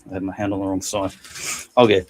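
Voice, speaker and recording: A man co-hosting a casual podcast, reading and retelling funny anecdotes from a book, laughing often and doing quick voices for quotes. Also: low-pitched. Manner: laughs often while telling stories, animated voices for quotes. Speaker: podcast co-host.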